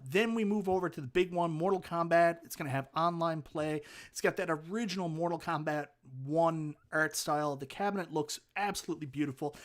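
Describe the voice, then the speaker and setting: A man with a Newfoundland accent hosting a casual livestream, rambling enthusiastically and thanking viewers for their comments. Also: on the high side. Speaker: livestream host. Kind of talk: casual live chat, reading viewer comments.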